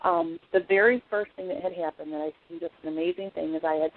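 A woman with a lowish voice tells a personal story as an essential oils presenter, speaking earnestly and often stopping to restart her sentences. The sound is thin and narrow, as if it came over a phone line. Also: fairly even intonation, fast. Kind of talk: personal testimony talk.

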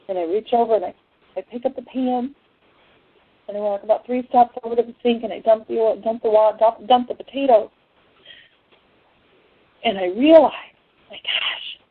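A woman giving an emotional personal testimony to a class, an impassioned storyteller who swings between hushed and excited. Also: fairly high pitch, breathy edge, dry recording. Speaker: essential oils class speaker. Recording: tinny phone-like dry sound.

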